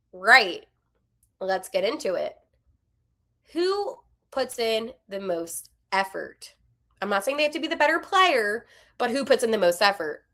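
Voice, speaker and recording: A woman in her twenties hosting a hockey podcast, giving candid, animated opinions with quick asides. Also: a little high. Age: 20s. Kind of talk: casual opinionated commentary.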